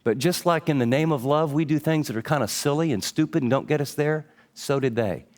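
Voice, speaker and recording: A man's voice: fairly high pitch, brisk, darkish tone. Emphatic man preaching a sermon. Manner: emphatic, teaching from notes. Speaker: pastor.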